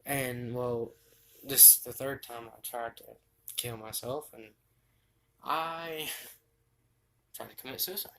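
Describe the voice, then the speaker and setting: A young man telling a personal story from his bed, halting and restarting often as he talks. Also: mid-range voice, fairly even intonation, creaky, pushed and bright, slight background noise, low-quality recording. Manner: halting, with frequent restarts and fillers. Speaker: vlogger. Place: bedroom, sitting on his bed.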